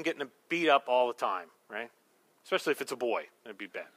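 A man's voice: medium pitch, animated, fairly quick, a bit bright. A male pastor preaching a sermon, emphatic, with rhetorical questions and humorous asides.

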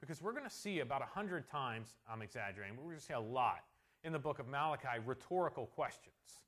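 A man preaching an expository sermon as a pastor, earnest, slowing down to stress quoted verses and swinging between quiet asides and loud emphasis. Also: mid-range voice, expressive.

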